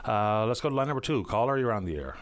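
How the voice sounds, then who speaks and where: A man hosting a phone-in radio show, politely and briskly moving callers along. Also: lowish voice, animated, clean tone. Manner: brisk, polite, wrapping up calls. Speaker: radio talk show host.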